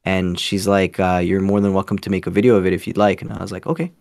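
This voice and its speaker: Rambling low-voiced young man, dry sound. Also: flat delivery, fast, vocal fry, a little mellow, dry recording. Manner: rambling, many restarts and fillers. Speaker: guest, scambaiter. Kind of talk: casual storytelling interview.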